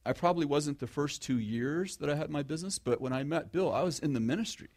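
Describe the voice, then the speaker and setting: A man's voice: fairly high pitch, fast, a little mellow. Middle-aged man preaching conversationally. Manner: self-deprecating humor, frequent restarts, asks the audience questions. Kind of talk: conversational sermon.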